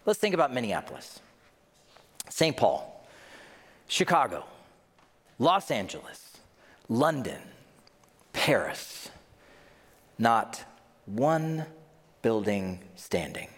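Playful, lively-voiced preacher in a reverberant sanctuary. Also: male voice, medium pitch, slow pace, long pauses. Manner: playful, jokey, acts out listeners' reactions. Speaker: pastor. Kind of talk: humorous conversational sermon. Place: church sanctuary. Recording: long reverb of a large hall.

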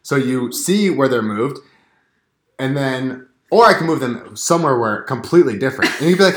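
A man's voice: mid-range voice, expressive, a little fast, a bit bright. A man chatting casually as a podcast co-host, candid and swearing freely, acting out little scenes as he talks. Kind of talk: casual chat. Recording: echoey room.

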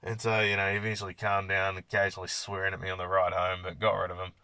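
This young podcaster talks fast in a deep, monotone voice, bright and forceful in tone. His casual monologue is a string of rambling, profanity-filled stories.

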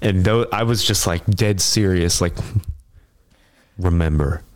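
Low-voiced man recounting a story. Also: steady tone, moderate pace. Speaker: podcast co-host. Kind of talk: casual chat.

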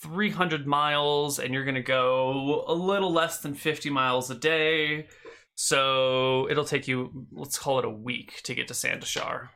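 A man's voice: mid-range voice, a little slow, clean tone. A man running a tabletop role-playing game as game master, narrating casually with frequent hesitations. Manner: relaxed, hesitant with fillers.

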